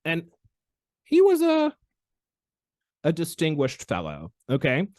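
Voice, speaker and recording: Animated male chiropractor telling a story. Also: on the high side, slow pace, no echo, studio quality. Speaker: podcast host, chiropractor. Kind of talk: casual storytelling chat.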